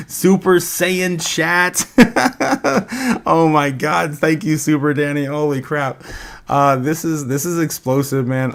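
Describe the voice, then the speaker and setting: Guy hosting a live stream, fairly high voice, giggly and stammery, super excitable. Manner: excitable, laughs often, stammers and repeats himself. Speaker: crypto livestream host.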